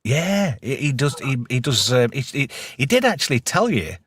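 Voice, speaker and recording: A man hosting a loose live-stream chat, reading out viewer comments and swearing freely. His voice sits at an ordinary middle pitch and sounds dry and close, with no room around it. He breaks into loud laughter often. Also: sing-song, normal speed, slightly rough, dry recording. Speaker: podcast host.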